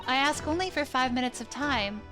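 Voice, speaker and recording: A woman's voice: sits high, animated, fairly quick. Brief: woman doing a polite young female assistant in a game, formal and earnest, game music behind.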